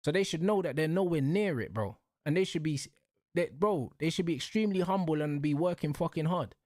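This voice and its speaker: A man's voice: a little high, expressive, a little fast, a little mellow, no echo, clean studio sound. A young man, hosting and ranting casually about football in heated, repetitive street slang. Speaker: show host.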